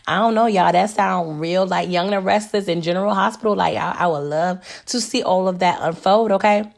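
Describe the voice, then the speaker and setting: A woman's voice: lowish voice, fairly quick, vocal fry. Chatty woman recapping a show. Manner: chatty, animated asides to viewers, laughs often. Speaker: TV recap vlogger. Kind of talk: casual chat recap.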